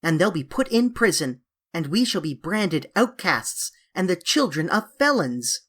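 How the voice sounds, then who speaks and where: A woman's voice: fairly low pitch, big pitch swings, a little slow, fairly bright tone, breathy edge, heavily acted. A woman voicing an eager, coaxing young English girl who pleads dramatically, in a storybook reading. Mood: pleading.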